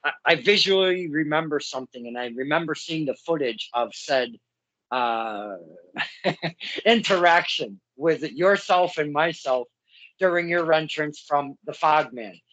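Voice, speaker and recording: A podcast host with a slightly high voice and a slightly slow pace runs a casual interview. An animated storyteller, he laughs often and acts out quotes and the other side of the conversation. The recording has a dull, lo-fi sound.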